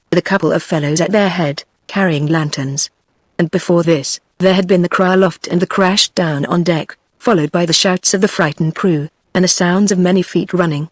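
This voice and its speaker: A text-to-speech woman's voice with a British English accent, reading a novel aloud in an even, synthetic way. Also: on the low side, dry recording. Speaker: audiobook narrator.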